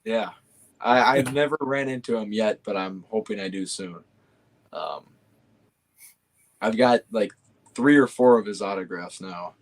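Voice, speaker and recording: Easygoing young man, low voice. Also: unhurried, pauses often. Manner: easygoing, hesitant with fillers and restarts. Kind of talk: casual chat.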